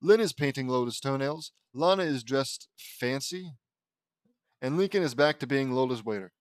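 A man's voice: mid-range voice, animated, normal speed, no room sound. A man reading a fan fiction story aloud, stumbling over words and breaking off for joking asides. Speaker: audiobook reader.

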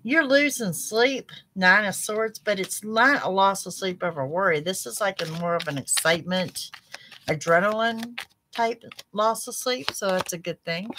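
A woman reading tarot cards for her viewers in an animated, chatty way, talking straight to them. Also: mid-range voice, moderate pace, a little hiss or hum. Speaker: psychic tarot reader.

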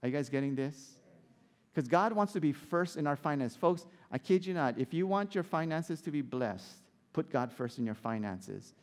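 Preaching a sermon at normal speed, a male pastor uses a slightly high voice with animated, swinging pitch. He keeps asking the congregation questions, and a long hall reverb carries his words.

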